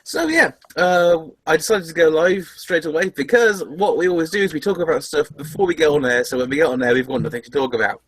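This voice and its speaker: Giggly podcast host, dry sound. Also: male voice, a little high, fast, few pauses, slightly rough, no room sound, low-quality recording. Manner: giggly, stumbling restarts. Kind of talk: casual chat.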